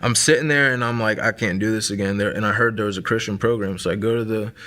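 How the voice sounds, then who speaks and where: A man's voice: lowish voice, fairly even intonation, quick pace, bright, forceful tone. A man in his thirties sharing a personal testimony in a casual, conversational way, full of fillers like "like" and "man".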